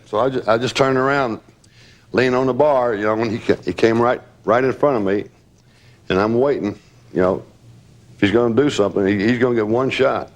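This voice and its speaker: A man's voice: medium pitch, a little fast. An older man, a former bodyguard, reminiscing candidly and acting out quotes as he tells stories, with occasional laughs. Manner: storytelling, acts out quotes, laughs.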